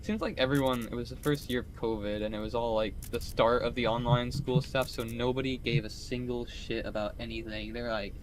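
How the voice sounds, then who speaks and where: A man's voice: medium pitch, fairly even intonation, moderate pace, a little hiss or hum. A young man chatting casually during a game stream, rambling, swearing and laughing often. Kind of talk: casual gaming stream chat.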